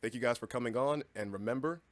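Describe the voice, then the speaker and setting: A man's voice: medium pitch, fast talker, no echo. A young man hosting a casual interview, laughing often and self-deprecating. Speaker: host.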